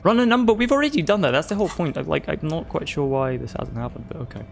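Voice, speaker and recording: A man in casual let's-play chat, rambling and halting as he talks through a game. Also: on the high side, expressive, creaky, a little hiss or hum. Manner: rambling, halting, swears and laughs a lot. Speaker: gamer playing with friends.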